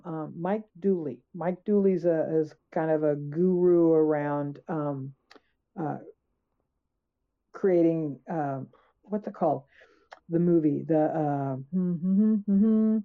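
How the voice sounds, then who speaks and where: A woman's voice: deep voice, takes it slowly. A woman guest author in conversational storytelling, emphatic, acting out her own questions. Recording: tinny phone-like line.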